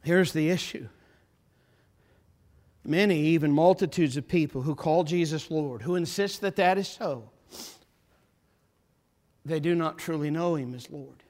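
A man preaching a sermon as pastor, impassioned, repeating phrases and building to forceful emphasis. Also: on the high side, a little slow, long pauses.

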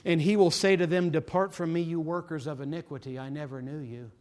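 A man's voice: on the high side, steady tone, fairly quick, a little mellow. A man preaching a sermon, quoting scripture by chapter and verse and building to impassioned, emphatic pleading.

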